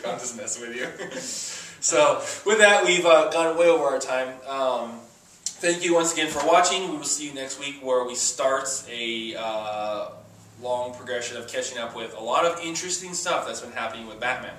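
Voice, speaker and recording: A man's voice: medium pitch, moderate pace, a bit bright, slight background noise. A man co-hosting a casual chat show, telling long stories full of fillers. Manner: rambling, filler-heavy storytelling. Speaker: podcast co-host. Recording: echoey room, mic at a distance.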